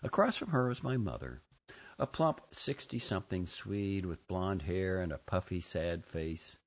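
Expressive low-voiced male story narrator. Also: unhurried, highs cut off. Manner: expressive reading with big swings between quiet and loud lines. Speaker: audiobook narrator. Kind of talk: scripted first-person narration.

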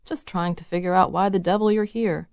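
A woman reading the lines of a gruff, blunt older father who barks out sardonic remarks. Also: on the low side, steady tone, a little fast, darkish tone, no room sound, clean studio sound. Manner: barking, sardonic.

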